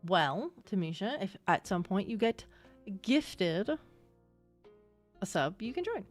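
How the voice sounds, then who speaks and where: A young woman livestreamer chatting casually and excitably with her viewers, swearing now and then. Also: medium pitch, slow pace, soft background music. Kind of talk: casual chat with live chat.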